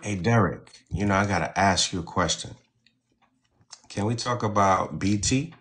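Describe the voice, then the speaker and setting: Low-voiced man hosting a garden stream. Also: normal speed, a bit bright. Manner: preachy, folksy, says "you know" often. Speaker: host. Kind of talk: casual live-stream chat.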